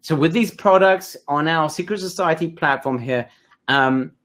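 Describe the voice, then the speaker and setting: A man's voice: on the high side, moderate pace, fairly bright tone. A man hosting a webinar, enthusiastic and speaking straight to his viewers. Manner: enthusiastic, addresses the audience directly. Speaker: webinar host.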